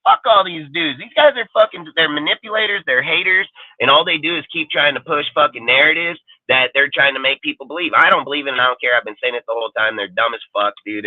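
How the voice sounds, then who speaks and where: A man's voice: mid-range voice, dry recording. A man ranting about football in a fired-up, profane, repetitive way, as co-host of a live sports show. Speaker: podcast co-host. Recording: dry, tinny phone-like audio.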